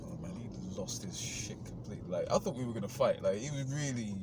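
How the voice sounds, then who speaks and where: A man, a guest in a casual chat, telling anecdotes in an animated way and laughing as he goes. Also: fairly low pitch, fast, heavy background noise. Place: inside a moving car.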